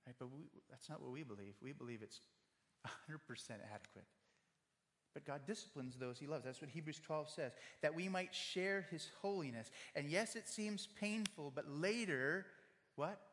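A man's voice: a little high, lively intonation, normal speed, a bit bright, a little hiss or hum. A man preaching a sermon, earnest and direct, speaking to one listener at a time and acting out quoted voices. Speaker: pastor. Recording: long hall reverb.

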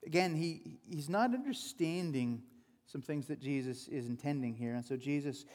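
A man's voice: fairly high pitch, normal speed, a little mellow, long reverb tail. A male pastor giving an informal, chatty sermon with conversational asides.

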